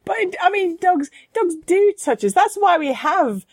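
A woman's voice: extremely high pitch, sing-song, unhurried, no echo. A woman hosting an interview, encouraging her guest.

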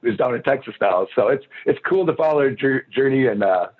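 A man's voice: mid-range voice, animated, a little fast, slightly rough. A man who boards and minds dogs, chatting casually and rambling, often restarting his sentences. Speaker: dog boarder and pet sitter. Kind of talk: casual chat. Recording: phone-line audio.

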